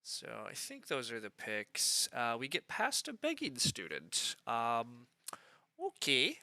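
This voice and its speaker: A man's voice: mid-range voice, wildly swooping pitch, slow, bright, forceful tone, no echo. A man streaming a board game live, thinking aloud in a chatty way with lots of fillers as he weighs his picks.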